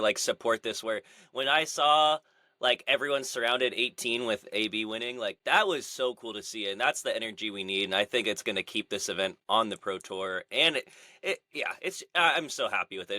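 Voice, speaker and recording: A man's voice: medium pitch, bright, forceful tone, dry recording. A young man co-hosting a podcast, chiming in with short, upbeat reactions and casual chat. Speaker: podcast co-host.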